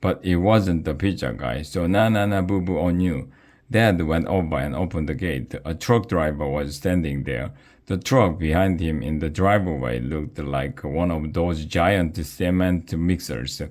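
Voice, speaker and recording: A man reading a children's book aloud with a playful, expressive narration. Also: rumbling low, a little slow.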